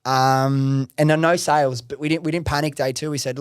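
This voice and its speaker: A man telling his business story on a podcast, at a middle pitch, in a loose, chatty way. He gets excitable, swears freely and peppers his talk with "like" and "bro". He is recorded close on a dry mic with no room sound. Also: a little fast, smooth, dry recording. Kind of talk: casual storytelling interview.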